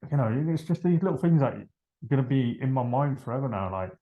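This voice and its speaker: A man telling a story on a podcast over a video call, animated, acting out his own dialogue and trailing off. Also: medium pitch, fast talker, highs cut off. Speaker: podcast guest. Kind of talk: casual storytelling.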